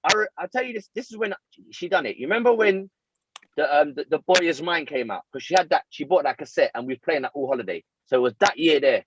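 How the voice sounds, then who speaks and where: A man, co-hosting a casual chat and telling a story with lively, self-mocking slang. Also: on the high side, fast, muffled recording, noisy background. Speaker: podcast co-host.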